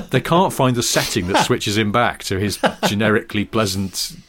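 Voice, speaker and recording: Low-voiced wry man. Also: animated, moderate pace, a bit bright, slight background noise. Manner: wry, imaginative, chuckling. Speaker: podcast co-host. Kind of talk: casual comedic chat.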